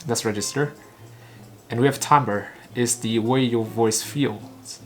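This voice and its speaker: Here a Vietnamese-speaking man from Vietnam, who hosts a channel and is learning English, shadows a recorded talk line by line. He works through it phrase by phrase, halting and clipped, stumbling and starting over often. His voice is mid-range, set against soft background music.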